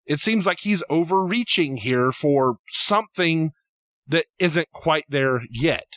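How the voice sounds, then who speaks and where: A man's voice: a little high, animated, fairly bright tone, dry recording. A man co-hosting a podcast, talking through fan theories in casual chat, hesitant and full of restarts. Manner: halting, many restarts, speaks in tangents. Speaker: podcast co-host.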